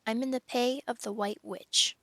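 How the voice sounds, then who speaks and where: A guilt-ridden male faun from a storybook, mournful and sobbing as he confesses, read by a woman in close to her own voice. The tone is creaky and dry. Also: on the high side, fairly even intonation, normal speed, fairly bright tone, no room sound.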